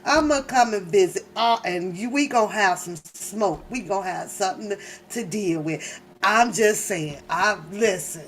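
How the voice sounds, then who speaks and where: A woman hosting her channel, telling comic stories in a casual, animated and profane way, laughing often. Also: mid-range voice, normal speed, slight background noise. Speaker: channel host. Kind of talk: casual comedic storytelling.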